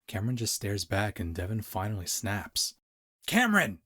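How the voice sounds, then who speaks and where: A man narrating a story as an amateur audiobook reader, in a steady, deliberate way. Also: on the low side, slightly rough.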